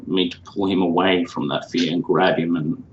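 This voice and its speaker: A man hosting the show, answering in short halting, emotional phrases while being guided through a healing session. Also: low voice, steady tone. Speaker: host. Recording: roomy, dull lo-fi with faint hiss.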